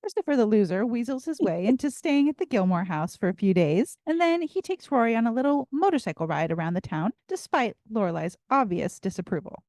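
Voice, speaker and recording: A woman co-hosting a podcast, recapping episodes in casual chat with frequent laughs and animated storytelling. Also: fairly high pitch, a little fast, few pauses, no echo, studio quality. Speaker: podcast co-host.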